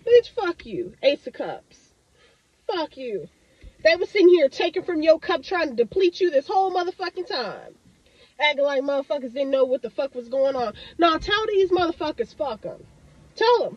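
A high-pitched woman delivers a tarot reading to her audience in a heated, foul-mouthed rush, swearing and stressing every point. The sound is dry and close with no room around it, and the recording is muffled and lo-fi. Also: no room sound. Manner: profane, heated and emphatic, heavy swearing. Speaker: tarot reader.

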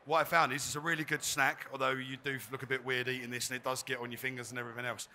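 Bright chatty chef at a demo. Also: male voice, mid-range voice, little pitch movement, racing, slight background noise. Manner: chatty, joking, self-deprecating. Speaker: chef giving a cooking demonstration. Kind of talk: live cooking demo talk. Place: trade fair demo stage.

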